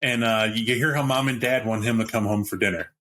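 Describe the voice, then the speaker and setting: A man narrating as game master of a tabletop role-playing game, rambling and animated. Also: medium pitch, brisk, low-quality recording.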